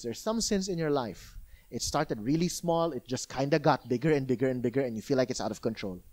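A man preaching in church, his voice pitched high for a man. He talks to the congregation directly and conversationally, asking rhetorical questions and swinging between loud, urgent passages and hushed asides. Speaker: pastor. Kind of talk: sermon.

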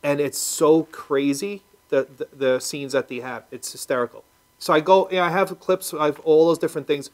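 A man's voice: fairly high pitch, steady tone, moderate pace, a little mellow. A man hosting a casual talk show, rambling with lots of fillers and restarts. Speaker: host. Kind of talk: casual chat.

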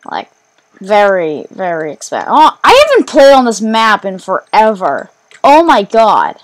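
A woman giving let's play commentary while gaming, excitable, rambling and quick to mock herself. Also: mid-range voice. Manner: excitable, self-mocking, rambling. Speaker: gamer.

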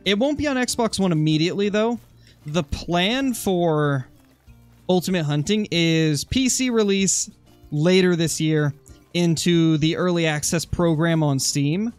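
A man's voice: a little high, a little slow, no echo. A young man streaming a hunting game, chatting casually and answering his viewers' comments. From Oregon, USA. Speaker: gaming streamer. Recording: faint music behind.

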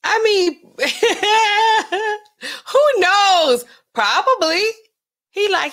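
A woman's voice: very high-pitched, extremely slow. A woman pharmacist hosting a casual livestream, chatting loosely with features, reading out viewers' comments, laughing often and reacting with big swings in her voice. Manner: chatty, animated, laughs often, talks back to chat.

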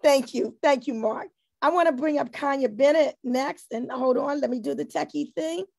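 A high-voiced woman with a gravelly, fry-laden edge hosts a tribute over a video call. She sounds teary and moved as she thanks each speaker and introduces the next. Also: normal speed. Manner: tearful, emotional, warm thanks. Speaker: host. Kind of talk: emotional tribute gathering.

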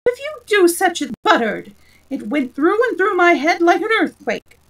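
A fussy old king in a storybook read-aloud, his voice darting up high and shrill whenever he frets, as a woman reading aloud puts him on. He is excitable and flustered, and everything alarms him. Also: normal speed, low-quality recording.

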